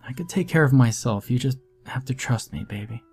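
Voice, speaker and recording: A man's voice: medium pitch, animated, fairly quick, a little mellow, husky, soft background music, pitched above the performer's own voice. A man voicing a weary, protective mother of two boys, tender with her sons and fierce toward their father. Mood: pleading. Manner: tender but fierce, pleading.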